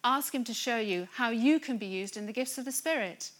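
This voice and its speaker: A woman's voice: on the high side, brisk. Earnest woman preaching a sermon. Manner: earnest, rising to excited emphasis. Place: church gathering room.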